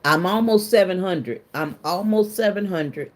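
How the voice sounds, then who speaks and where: A woman's voice: medium pitch, a little slow. Woman, livestream host, casual chat, greets viewers by name, emotional, laughs a lot. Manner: emotional, confiding.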